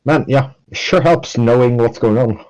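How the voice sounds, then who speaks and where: Guy player at a tabletop game, relaxed, mid pitch, short answers. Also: normal speed, lo-fi sound. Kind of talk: casual tabletop game chat.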